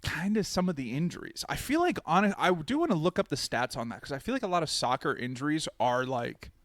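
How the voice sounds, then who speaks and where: A man's voice: on the high side, sing-song, fairly quick, a bit bright, dry recording. A man co-hosting a podcast in a studio, talking in a rambling, joking way and laughing often. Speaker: podcast co-host. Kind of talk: casual podcast banter.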